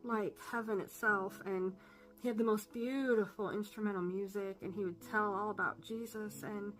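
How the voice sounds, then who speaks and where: A woman giving an earnest personal faith testimony, halting with fillers and emotional. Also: medium pitch, fairly even intonation, faint music behind. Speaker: testimony speaker.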